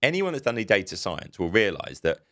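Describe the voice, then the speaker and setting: A man's voice: fairly low pitch, quick pace. A man co-hosting a casual podcast, talking animatedly and acting out quoted exchanges. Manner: animated, acts out quoted dialogue. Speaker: podcast co-host.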